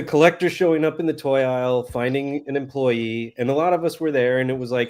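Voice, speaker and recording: A man's voice: medium pitch, a little fast, hardly any pauses, darkish tone, a little hiss or hum. A man in a casual group chat, telling an anecdote in a loose, rambling way with quoted bits. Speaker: podcast co-host.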